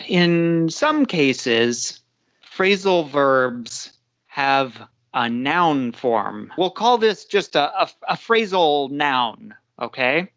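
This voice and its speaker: Slow, patient English teacher, dry sound. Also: medium pitch, a bit bright, no room sound. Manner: slow, patient explaining with frequent restarts. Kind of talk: live online language lesson.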